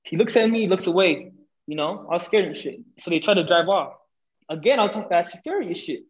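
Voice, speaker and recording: Young male podcast guest, lively storyteller, highish voice, dull lo-fi sound. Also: a little fast. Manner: animated, swearing, acts out quotes. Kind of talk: casual storytelling. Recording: dull lo-fi audio.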